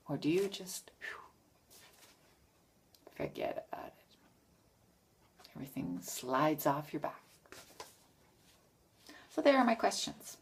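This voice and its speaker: A woman's voice: low-pitched, big pitch swings, takes it slowly, gravelly, pauses often, slightly rough. A woman casually answering tag questions in a frank, rambling way, often correcting herself. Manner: frank, self-correcting, trails off.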